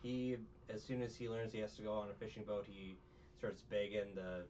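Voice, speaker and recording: A man's voice: lowish voice, steady tone, moderate pace, darkish tone. A man in a casual chat, recapping a show with a rambling, joking manner and lots of fillers. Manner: rambling, jokey, full of fillers and quoted voices. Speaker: podcast co-host recapping a show. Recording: dull, distant, faint noise.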